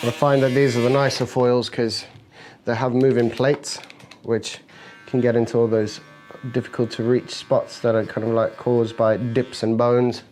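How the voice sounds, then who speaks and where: A barber talking a viewer through a fade haircut while he works. He is a man with a medium-pitched voice, explaining each clipper guard and angle in plain words. He keeps up easy joking banter with his client in the chair, and a faint electric-clipper buzz runs underneath. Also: flat delivery, moderate pace, a little mellow, a little hiss or hum, rough recording. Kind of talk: hair-cutting tutorial narration with client chat. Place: barbershop, indoors.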